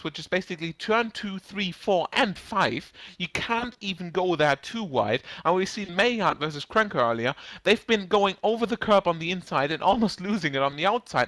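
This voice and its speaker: A man's voice: high-pitched, bright, forceful tone, no echo. Man, analytical race co-commentator. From Germany. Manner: analytical, hesitant, measured. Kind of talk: live sim racing commentary.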